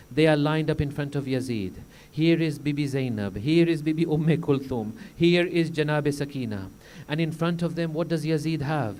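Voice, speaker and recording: A man's voice: fairly high pitch, moderate pace, a little mellow, slight background noise. A male preacher delivering a mourning sermon, recounting the story solemnly and rising into impassioned cries.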